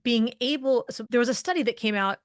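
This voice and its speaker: A woman's voice: on the high side, quick pace, clear, resonant tone, no echo, studio quality. A middle-aged woman guest on a podcast, explaining leadership presence in an articulate way, laying out points through strings of rhetorical questions. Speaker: leadership communication expert guest. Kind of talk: conversational podcast interview.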